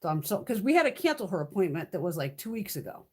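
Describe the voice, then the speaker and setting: In her fifties, this beauty vlogger hosts a live stream and chats casually, rambling, swearing freely and laughing often. Her voice is fairly low, mellow and a little breathy, very animated and quick.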